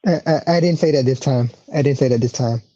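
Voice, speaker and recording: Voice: medium pitch, fast, mellow. A podcast co-host chatting casually about wrestling, stammering and laughing a lot. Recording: dull, muffled mic.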